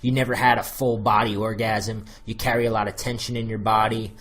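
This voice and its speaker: A man's voice: on the low side, little pitch movement, brisk, fairly bright tone. An American man coaching on dating in a loose, chatty monologue full of fillers. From United States. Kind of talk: casual spoken advice monologue.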